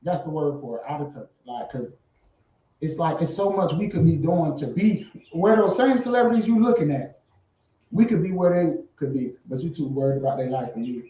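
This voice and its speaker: A man's voice: on the high side, lively intonation, a little fast. A man speaking emphatically and casually as a guest in an interview, swearing freely. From Fayetteville, born in Savannah, Georgia. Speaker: guest artist. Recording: roomy, distant, dull lo-fi sound.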